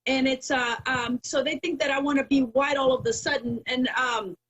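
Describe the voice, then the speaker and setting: Guest interviewee: a woman with a Mexican Spanish accent, high and slightly husky, emphatic and proud. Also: steady tone, normal speed, a bit bright, lo-fi sound. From Texas border town, first generation Mexican. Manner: emphatic and proud, repeats key phrases. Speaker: guest, political activist. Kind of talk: casual interview talk.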